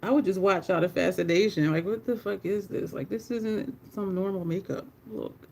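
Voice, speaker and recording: A woman's voice: medium pitch, moderate pace, gravelly, darkish tone, husky. A woman chatting casually on a livestream while doing her makeup, swearing freely, laughing often and talking to her chat.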